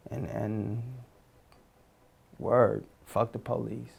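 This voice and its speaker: A man telling stories in a relaxed, slangy way as an interview guest, with many fillers and restarts. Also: on the low side, extremely slow, creaky, husky. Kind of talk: casual storytelling.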